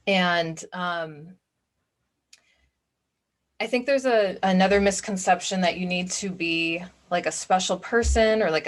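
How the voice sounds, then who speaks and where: Woman, coach, slightly low pitch, casual chatty masterclass delivery, informal fillers. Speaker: business and spiritual coach. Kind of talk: casual recorded masterclass talk.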